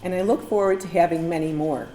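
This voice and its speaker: A woman's voice: fairly low pitch, fairly even intonation, quick pace, warm tone, faint music behind, low-quality recording. A woman giving a heartfelt prepared tribute speech at a memorial event.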